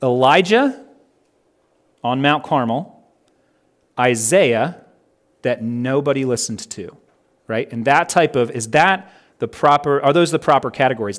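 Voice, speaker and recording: A pastor preaching a sermon in an earnest way, slowing down and stressing each item when he reads out a list. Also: mid-range voice, lively intonation, a bit bright. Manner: earnest, slows down and stresses items in lists.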